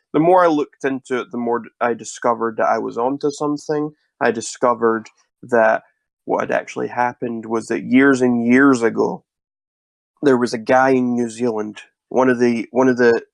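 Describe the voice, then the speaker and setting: A man giving rambling, deadpan, mock-serious interview answers. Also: mid-range voice, vocal fry, no room sound.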